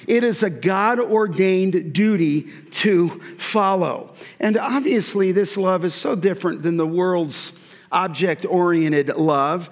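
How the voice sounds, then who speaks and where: A man with a high-pitched voice delivers an earnest, emphatic sermon, pressing his points and sometimes restarting mid-sentence. His voice rings out with the long reverb of a large church hall. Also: slow. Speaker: pastor.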